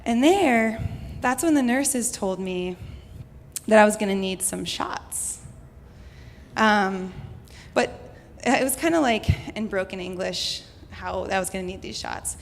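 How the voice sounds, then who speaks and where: A woman's voice: medium pitch, lively intonation, measured pace, creaky. Young American woman, live storyteller, chatty and laughing, stage mic in a reverberant hall. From United States (Houston). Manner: chatty, laughs often, heavy use of "like". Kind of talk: personal story told live to an audience. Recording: reverberant hall, faint noise.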